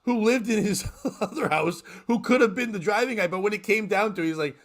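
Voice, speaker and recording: Hosting a casual morning live stream, this male podcast host speaks in a high-pitched voice, fairly quickly and with few pauses. He keeps things loose, cracking jokes and laughing a lot.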